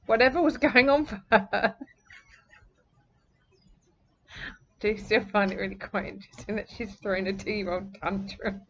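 A woman with a high voice hosts a podcast, telling a story in a casual, chatty way and laughing often. She's indoors at a home near the sea, and the audio sounds dull.

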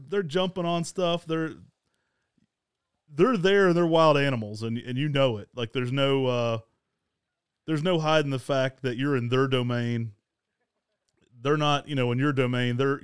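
A talkative, energetic man, co-hosting a casual travel chat and laughing often. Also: mid-range voice, clear, resonant tone, dry recording, studio quality. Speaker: show co-host.

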